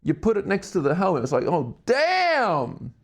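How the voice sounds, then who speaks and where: A man in his twenties with an Australian accent live-streams himself doing a jigsaw puzzle, rambling, joking at his own expense and swearing casually. His voice is high and animated, very fast, with vocal fry and a darkish tone.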